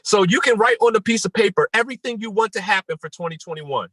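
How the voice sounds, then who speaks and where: Emphatic high-voiced motivational speaker. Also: male voice, animated, fast, breathy edge, dry recording, poor audio. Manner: emphatic and repetitive, rising to near-shouts. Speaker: motivational speaker hosting a morning call. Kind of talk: motivational talk.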